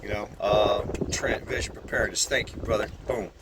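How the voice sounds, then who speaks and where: A man's voice: fairly low pitch, steady tone, normal speed, very noisy. Rambling, profane man vlogging outdoors. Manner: rambling, profane, repeats words. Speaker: channel creator. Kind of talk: casual vlog monologue.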